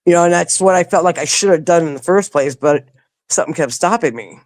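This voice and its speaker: A woman guest in a conversational interview tells her story loosely and ramblingly, often restarting sentences and raising her voice when replaying what people said. Her voice is low, quick, and darkish, recorded close and dry with no room sound.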